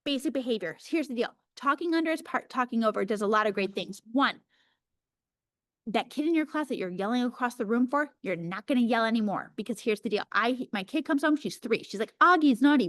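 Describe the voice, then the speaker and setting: A woman in her thirties teaching an early childhood workshop over a video call, chatty and energetic, slowing down to demonstrate words. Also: on the high side, no room sound, clean studio sound. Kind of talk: teaching a live webinar.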